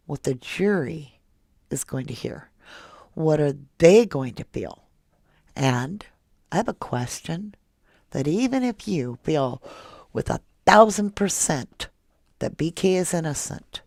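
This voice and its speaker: A woman hosts a live true crime stream and chats emotionally with her viewers. Her voice is low and gravelly, and she speaks slowly. The sound is dry and close. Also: a little mellow, no echo. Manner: emotional, chatty, reads viewer comments aloud. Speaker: true crime livestream host. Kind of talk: casual livestream chat with viewers.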